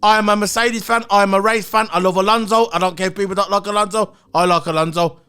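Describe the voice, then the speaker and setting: A man's voice: sits high, steady tone, fast talker, pushed and bright, clear, resonant tone. A man giving a blunt, opinionated solo review of a race, swearing and repeating his points. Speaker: motorsport commentator.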